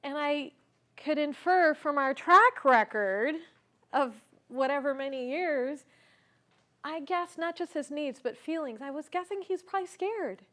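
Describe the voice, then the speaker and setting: Woman, high pitch, conference speaker, earnest, reflective storytelling. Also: expressive, a little slow, fairly bright tone. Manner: earnest, reflective, asks the audience questions. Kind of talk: personal storytelling talk. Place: conference stage.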